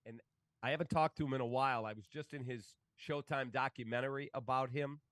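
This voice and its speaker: Man, animated storyteller, mid pitch, dry close sound. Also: fairly quick, dry recording. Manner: animated, acts out quoted voices. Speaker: guest, sports broadcaster. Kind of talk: casual storytelling.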